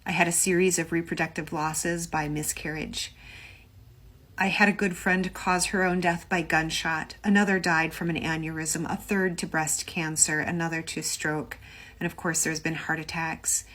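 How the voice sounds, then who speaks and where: Composed middle-aged woman, lowish voice. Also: steady tone, moderate pace, a bit bright. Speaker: clinical psychologist. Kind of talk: measured personal testimony.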